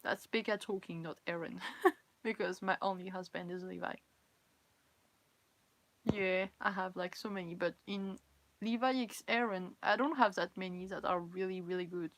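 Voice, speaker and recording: A woman's voice: on the low side, normal speed, no room sound. A tired young woman with a French accent, a native French speaker, chatting casually on a live stream. She giggles often, reads viewers' comments aloud, and runs herself down. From France. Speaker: cosplay livestreamer.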